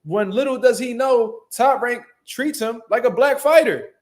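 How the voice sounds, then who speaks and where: A man's voice: very high voice, unhurried. A man hosting a casual boxing commentary show, talking bluntly with heavy slang and profanity. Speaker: boxing commentary channel host.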